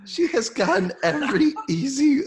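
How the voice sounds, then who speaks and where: A man on a casual podcast, needling a fellow player in a trivia game, excitable and bantering. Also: very high-pitched, normal speed. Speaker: podcast co-host and contestant.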